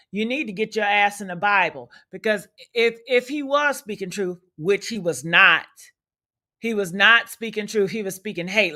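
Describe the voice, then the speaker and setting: Sassy, profane high-voiced woman host. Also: bright, forceful tone. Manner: profane, sassy, combative, rhetorical questions. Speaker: livestream commentary host. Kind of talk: loud unfiltered gossip commentary.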